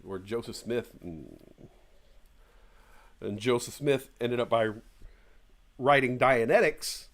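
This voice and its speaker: A man's voice: mid-range voice, expressive, slow, pauses often. A man co-hosting a live stream in casual chat, rambling and swearing, often restarting his sentences. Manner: rambling, profane, frequent restarts.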